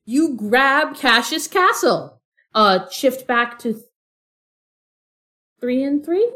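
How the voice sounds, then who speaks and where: A woman narrating as game master, playful and quick to laugh. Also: high-pitched, lively intonation, bright, forceful tone.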